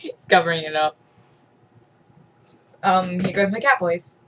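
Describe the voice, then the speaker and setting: A woman's voice: lowish voice, measured pace, noisy background. A woman vlogging at home into a camera close to her face, giggling often, silly and a little self-conscious as she rambles. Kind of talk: casual, rambling vlog.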